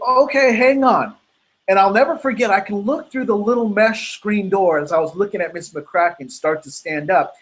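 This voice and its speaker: In a rough recording from an online video call, a motivational speaker recounts something from his own life with earnest storytelling, voicing the quotes as he goes. His male voice sits high.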